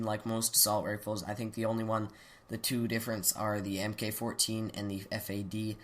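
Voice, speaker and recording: A man's voice: fairly low pitch, a bit bright. A young man hosting his gaming channel, chatting loosely through a weapon review on a desktop mic, stopping to excuse his hiccups and coughs. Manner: chatty, rambling, self-interrupting. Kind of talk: casual game commentary. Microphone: desktop USB mic.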